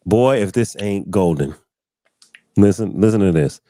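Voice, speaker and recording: A man hosting a casual livestream talk show, informal and lively. His pitch swings widely, and the sound is dry and close to the mic. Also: unhurried, no room sound. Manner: animated, laughing easily, informal. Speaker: livestream host. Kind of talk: casual chat.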